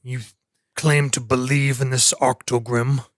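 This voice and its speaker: A man's voice: medium pitch, flat delivery, a little slow, no room sound, clean studio sound, lightly acted. A man voicing a burly man in his fifties with a mocking, scornful manner.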